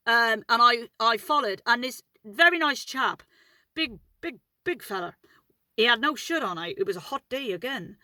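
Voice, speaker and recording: A woman's voice: a little high, normal speed, sharp tone, no room sound, low-quality recording. A woman telling a story in a casual vlog from inside her car, chatty and rambling, swearing freely. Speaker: vlogger.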